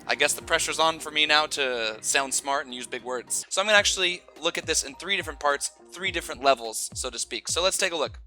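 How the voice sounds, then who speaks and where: A man giving online teaching advice in an energetic, demonstrative way. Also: on the high side, faint music behind. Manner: energetic, demonstrates stress with slow exaggerated example sentences. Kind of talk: online teaching tips video.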